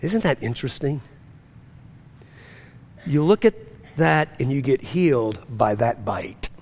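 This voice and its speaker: A man preaching a sermon as pastor to a congregation, swinging between fervent rising lines and hushed, low-key storytelling. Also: animated, a little slow. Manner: preaching with rising intensity and drops to a near-hush. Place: church.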